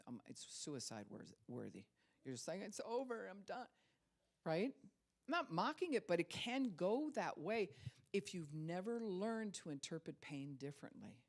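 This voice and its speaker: A middle-aged woman pastor with a deep, darkish voice delivers a conversational sermon. She acts out the voices of people she quotes and laughs now and then.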